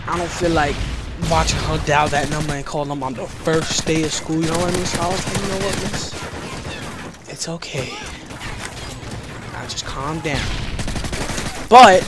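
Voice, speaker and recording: A man's voice: fairly high pitch, noisy background. A teenage boy casually telling a rambling, profane story over gameplay. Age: teens. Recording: game gunfire loud behind voice. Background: video game gunfire.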